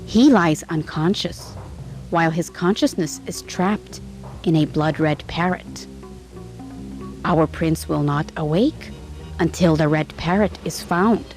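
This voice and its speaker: A woman voicing a mysterious male stranger who speaks earnestly and gravely. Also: sits low, takes it slowly, a little mellow, faint music behind.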